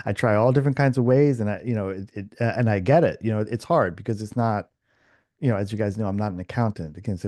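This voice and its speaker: Male podcast host, low and mellow, dry sound; rambling casual storyteller who acts out quotes. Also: fast, dry recording. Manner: rambling, full of restarts and fillers; animated, acts out quoted dialogue.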